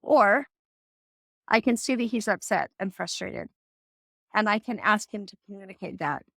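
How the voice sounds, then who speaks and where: A woman's voice: mid-range voice, lively intonation, normal speed, vocal fry, a bit bright, no room sound, clean studio sound. A middle-aged woman hosting a live self-help talk, earnest and coaching, acting out example conversations in her own voice. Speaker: host.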